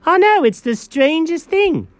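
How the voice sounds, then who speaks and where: A man's voice: very high-pitched, sing-song, a little slow, dry recording. A man co-hosting an improvised comedy show, rambling playfully with theatrical gasps. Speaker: comedy co-host.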